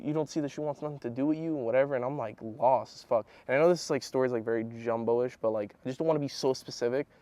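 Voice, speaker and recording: A man's voice: medium pitch, a little mellow, dry recording. A young man rambling through a personal story in casual slang, calling the listener "bro" often. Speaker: vlogger telling a personal story.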